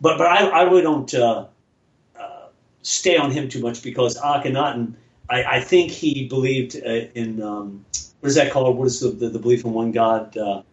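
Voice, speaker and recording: In echoey, dull lo-fi audio, a man with a medium-pitched voice rambles through a long personal story during casual chat. He halts and restarts many times and plays the voices of the people he describes.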